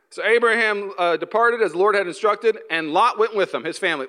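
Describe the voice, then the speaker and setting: A man preaches a sermon in a high, bright voice that rings through a reverberant church hall. He tells stories animatedly and acts out both sides of conversations. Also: fast talker, few pauses. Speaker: pastor.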